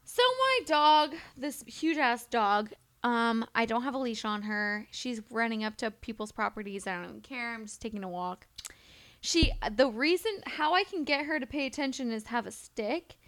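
A woman co-hosting a casual podcast, telling a wild story with lots of swearing and animated energy. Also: fairly high pitch, normal speed. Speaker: podcast co-host.

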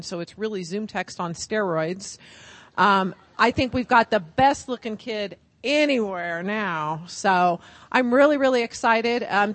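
A middle-aged woman presents a product to a conference audience. She is upbeat, chatty and enthusiastic. Her pitch is mid-range and the sound is dry and close. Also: a bit bright, no echo. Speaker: vendor presenter.

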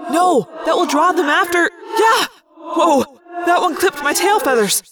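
A woman voicing an eager teenage boy who lives as a hawk, calling out in excited shouts. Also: on the high side, measured pace, recorded from a distance, over a noisy crowd, lightly acted. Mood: frantic.

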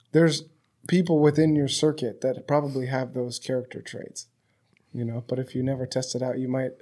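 A man's voice: mid-range voice, a little mellow, breathy edge. A man hosting a podcast, talking loosely and profanely in a chatty, storytelling way. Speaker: podcast host. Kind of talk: casual conversation. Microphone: podcast microphone.

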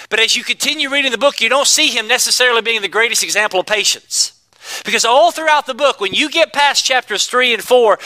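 Guy preaching in church, high voice, super bright tone, goes loud then drops real quiet. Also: poor audio. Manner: emphatic preaching, swings from loud to hushed. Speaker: pastor. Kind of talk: sermon.

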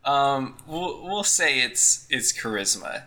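Brief: animated, bright game master, hedging and rambling. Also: male voice, mid-range voice, slow pace. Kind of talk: narrating a tabletop game.

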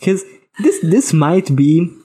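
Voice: mid-range voice, very animated, slow pace, warm tone, husky. Brief: casual podcast co-host, chatty, restarts often. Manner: chatty, with frequent restarts and likes. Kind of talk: casual chat.

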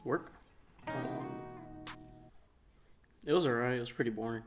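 A man telling a long story on a casual podcast, rambling and soft-spoken, with lots of filler words. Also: mid-range voice, unhurried, faint music behind. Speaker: podcast co-host.

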